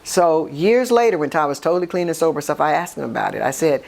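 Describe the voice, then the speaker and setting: Lively older woman telling stories. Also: low-pitched, fast talker, gravelly. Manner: animated storyteller, acts out quoted voices; emphatic, talks with repeats and restarts. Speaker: interview guest. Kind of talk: storytelling in a conversational interview.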